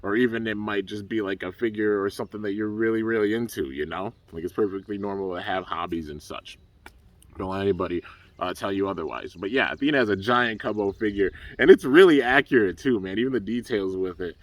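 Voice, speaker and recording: A man's voice: lowish voice, a little fast, dry recording, recorded from a distance. A young man casually recapping a cartoon episode for his channel, rambling with lots of fillers. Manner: laid-back, rambling, full of fillers. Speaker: YouTube reviewer.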